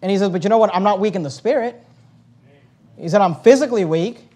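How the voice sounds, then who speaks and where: A man preaching a sermon as pastor, reading scripture aloud and building to loud emphatic stretches. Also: sits high, fast talker.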